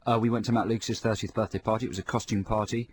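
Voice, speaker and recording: A man's voice: on the low side, flat delivery, rapid-fire, breathy edge. A man with an English accent, co-hosting a radio show and teasing his partner in casual banter in a studio.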